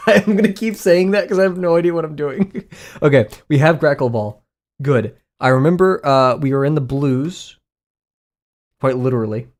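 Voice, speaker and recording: A man's voice: fairly high pitch, normal speed, a little mellow. Rambling young Southern man streaming. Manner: rambling, self-deprecating, chuckles often. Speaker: art streamer. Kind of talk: casual thinking-aloud live stream.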